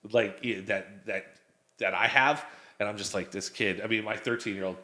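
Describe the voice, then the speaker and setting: A man in his forties with a bright, forceful voice tells rambling family stories in casual chat. He acts out every quote, and the room around him rings with echo. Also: on the low side, steady tone, normal speed. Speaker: guest.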